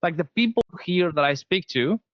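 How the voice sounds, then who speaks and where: A man's voice: high-pitched, lively intonation, moderate pace, no echo, highs cut off. A man with a Spanish accent, a guest giving advice in a casual interview, emphatic and often repeating words as he restarts. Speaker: sales guest.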